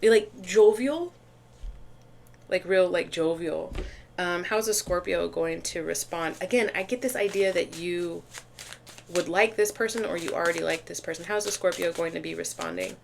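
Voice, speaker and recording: A woman doing a casual tarot reading to camera, talking chattily and excitedly, with lots of restarts and fillers. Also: fairly low pitch, normal speed, gravelly, a little hiss or hum. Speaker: tarot reader.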